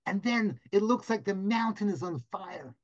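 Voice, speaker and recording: A man's voice: sits high, animated, normal speed. Man, teacher, dramatic storytelling, video call, muffled lo-fi audio. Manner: vivid, dramatic storytelling with sudden loud bursts. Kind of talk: storytelling lesson to a class.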